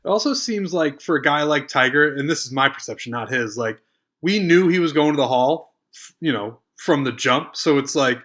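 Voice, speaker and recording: A man's voice: on the high side, animated, normal speed, fairly bright tone. A man co-hosting a podcast, giving his opinions in a thoughtful, hedging way. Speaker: podcast co-host. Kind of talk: casual podcast banter.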